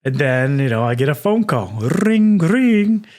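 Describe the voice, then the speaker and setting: A man's voice: medium pitch, brisk. A young man co-hosting a casual podcast, telling a story with lots of laughter. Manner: animated storytelling, laughs often. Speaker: podcast co-host.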